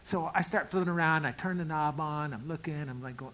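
Middle-aged male pastor, bright, slightly high voice, animated storyteller acting out scenes in his sermon. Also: a little fast, a little hiss or hum, low-quality recording. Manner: animated, acts out dialogue with big swings in loudness.

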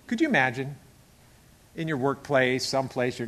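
A male pastor preaching a sermon emphatically. He acts out quotes and swings between hushed and loud delivery. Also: mid-range voice, very animated, normal speed.

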